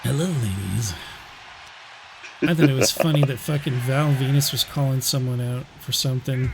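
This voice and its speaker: A man's voice: mid-range voice, little pitch movement, brisk, noisy background. A young man doing casual gaming commentary, joking around with crude banter.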